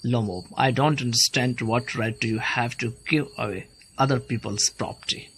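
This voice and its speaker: A man's voice: mid-range voice, steady tone, moderate pace, a bit bright, a little hiss or hum, close to an everyday voice. A man reading a touchy young hypochondriac landowner. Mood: indignant. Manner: complaining, indignant. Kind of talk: play read aloud.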